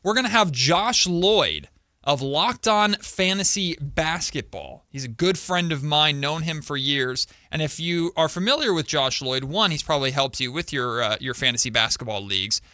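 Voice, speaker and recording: A man co-hosting a sports radio show, chatting casually and teasing his co-host in an animated way. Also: a little high, normal speed, no room sound, clean studio sound.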